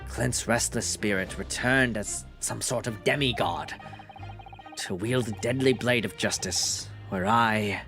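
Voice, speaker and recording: A woman voicing a stern, brooding aristocratic male prosecutor in a game, speaking gravely and quietly. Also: a bass voice, a little slow, faint music behind, pitched below the performer's own voice, exaggerated voice.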